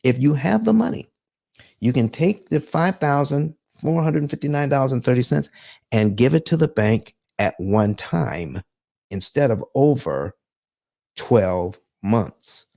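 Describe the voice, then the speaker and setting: Animated preacher-style man hosting a stream. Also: medium pitch, unhurried, gravelly. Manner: emphatic, preacher-like delivery with dramatic asides. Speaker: host of a live personal finance stream. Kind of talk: live-streamed finance presentation.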